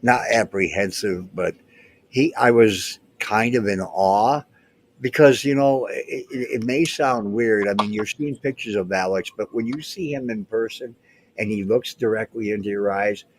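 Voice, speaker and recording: A man's voice: on the low side, measured pace, slight background noise. A man in his seventies telling stories in a rambling way in a casual chat, often restarting his sentences. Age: 70s. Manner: rambling storyteller with frequent restarts. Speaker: guest recounting past events.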